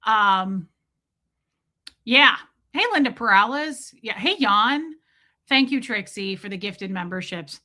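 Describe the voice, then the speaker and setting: A woman's voice: medium pitch, lively intonation, slow pace, pauses often, sharp tone. A woman live streamer chatting casually and telling rambling, candid stories with casual swearing.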